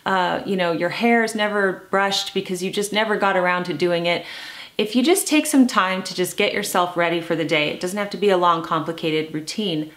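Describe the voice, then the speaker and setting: A woman in her thirties talks straight to her viewers in a calm, earnest vlog style. Her voice sits a little low, and she slows down deliberately when she wants a point to land. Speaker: lifestyle vlogger. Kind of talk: casual talk to camera.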